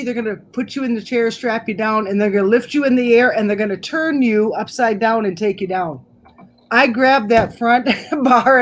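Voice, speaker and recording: A middle-aged woman telling a personal story in a casual chat, animated and laughing as she goes. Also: mid-range voice. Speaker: guest storyteller. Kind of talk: casual storytelling on a live stream.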